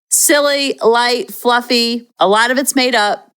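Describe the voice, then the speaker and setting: A woman's voice: fairly high pitch, normal speed, few pauses, a bit bright, clear, resonant tone. A woman hosting a parenting podcast, giving casual, upbeat advice in a chatty way. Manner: chatty and upbeat, slips into playful acted demonstrations.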